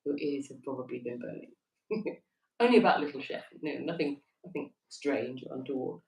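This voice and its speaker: A woman's voice: very deep voice, lively intonation, moderate pace, vocal fry, darkish tone. A woman co-hosting an evening livestream from a holiday stay in Wales, chatting casually, giggling and reading viewer comments aloud. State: stiff neck. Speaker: livestream co-host. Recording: roomy echo, distant from the mic.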